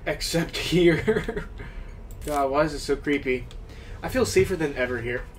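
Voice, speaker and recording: A man giving let's-play commentary on a horror game, with loud, swearing reactions to scares. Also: a little high, measured pace, distant mic, slight background noise. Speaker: gaming YouTuber.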